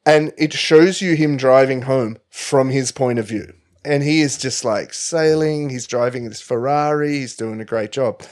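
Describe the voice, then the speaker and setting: Man, podcast co-host, rambling comic storyteller, mid-pitched, lots of fillers. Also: measured pace, hardly any pauses. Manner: rambling, jokey, many fillers and restarts.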